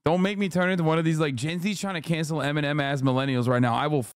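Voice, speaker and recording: A man streaming, giving loud, joking, profane commentary as he reacts to videos and laughs often. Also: fairly high pitch, fairly even intonation, fast, smooth, no room sound, studio quality.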